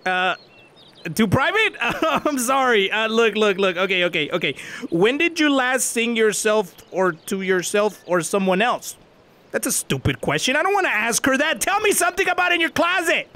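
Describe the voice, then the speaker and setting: Goofy high-pitched male gamer. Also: expressive, normal speed. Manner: goofy, loud, laughing, playful mock flirting. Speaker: VR gaming YouTuber. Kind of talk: comedic gaming commentary.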